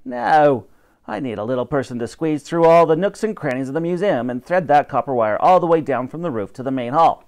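A man's voice: a little high, expressive, fairly quick, a little mellow. A man voicing a grand, snappish old professor who commands and lectures. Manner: commanding, pompous, bursts of rising emphasis.

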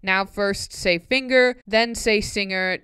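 A woman's voice: mid-range voice, slow pace, fairly bright tone, clean tone, dry recording, studio quality. A woman reading a tricky pronunciation poem aloud, word by word, stumbling and correcting herself with wry asides. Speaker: YouTuber.

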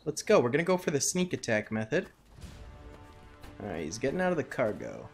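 A young man giving goofy, casual commentary over his own gameplay, muttering to himself and then yelling at a character. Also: mid-range voice, huge pitch swings, fairly quick, creaky, faint music behind. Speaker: gaming YouTuber.

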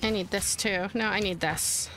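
A woman's voice: mid-range voice, fairly even intonation, moderate pace, a bit bright, slight background noise. A woman playing a horror game, chatting casually to her viewers and shrieking and giggling when startled. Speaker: let's play host. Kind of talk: casual gameplay commentary.

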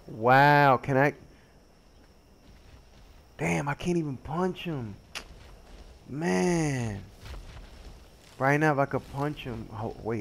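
A man's voice: medium pitch, gravelly, a little hiss or hum. A man giving casual, rambling commentary while playing a survival game, joking at his own expense and yelping when something attacks him. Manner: rambling, joking, easily sidetracked; excitable, yelps when attacked.

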